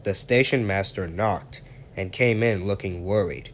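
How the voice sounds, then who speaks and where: A man narrates a children's story aloud in a calm, steady reading voice. His pitch sits on the low side. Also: unhurried.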